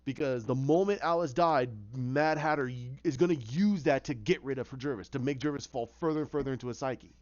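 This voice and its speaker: A man excitedly telling a movie idea as a casual story, acting out scenes with sound effects. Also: medium pitch, brisk, hardly any pauses. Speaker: fan pitching a film idea. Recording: muffled lo-fi recording.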